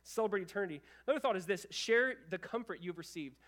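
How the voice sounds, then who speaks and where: A young adult male pastor delivering a sermon in an animated, conversational way, with quick asides to the congregation. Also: sits high.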